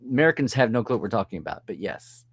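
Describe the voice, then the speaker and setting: A man's voice: lowish voice, big pitch swings, very fast, husky. A man hosting a live stream, chatting casually and reading out and answering viewer comments with frequent chuckles. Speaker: host reading live chat.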